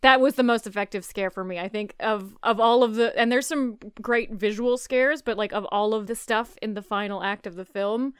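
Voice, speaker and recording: A woman co-hosting a casual interview, chiming in with quick, chatty reactions. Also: medium pitch, clean tone, no echo, studio quality. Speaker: podcast co-host.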